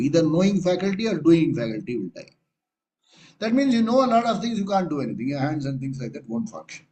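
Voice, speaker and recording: A man's voice: medium pitch, mellow, rough recording. A man with an Indian English accent giving a conversational satsang discourse as a spiritual teacher, acting out everyday scenes as he explains. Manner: conversational, acts out little scenes with changing voice.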